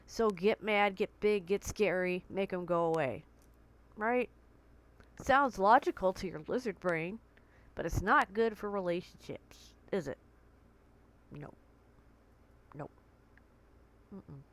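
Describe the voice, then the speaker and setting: A woman's voice: medium pitch, lively intonation, slow, pauses often. A woman vlogging candidly and conversationally from her bedroom, recording on a tablet, with vivid comparisons. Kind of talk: personal talk to camera.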